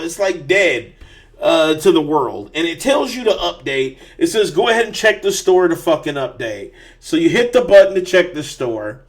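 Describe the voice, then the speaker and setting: A man's voice: high voice, fairly bright tone. A man hosting a gaming podcast, ranting with lots of swearing, stammered restarts and laughter. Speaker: podcast host.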